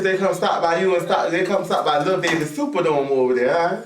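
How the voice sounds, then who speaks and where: A man's voice: fairly high pitch, a little fast. A man hosting a casual live stream, flamboyant and sassy, calling everyone "girl". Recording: echoey room, distant mic, faint hiss.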